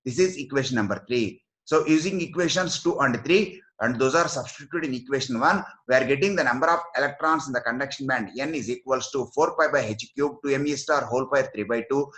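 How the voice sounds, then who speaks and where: Man giving a physics lecture. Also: mid-range voice. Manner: steady explanatory delivery, reading out formulas. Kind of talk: recorded lecture.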